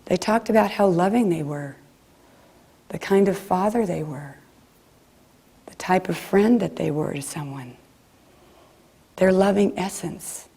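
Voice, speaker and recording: Low gravelly-voiced woman preacher. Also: unhurried, long pauses. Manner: gentle, reflective delivery. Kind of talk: sermon. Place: chapel.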